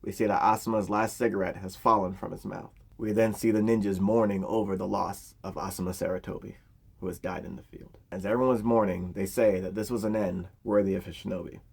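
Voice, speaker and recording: Man, casual story recap, slangy, low-pitched, husky. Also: fairly even intonation, a little fast. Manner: slangy, conversational, profane. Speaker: anime recap narrator.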